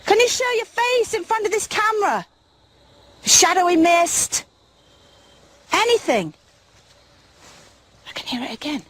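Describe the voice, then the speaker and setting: Frightened woman, high and swooping, whispers to spirits outdoors at night, faint hiss. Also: very animated, unhurried, long pauses, a bit bright. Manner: nervous, jumpy, whispering often, with bursts of nervous humour. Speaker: paranormal investigator presenter. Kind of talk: solo night vigil calling out to spirits.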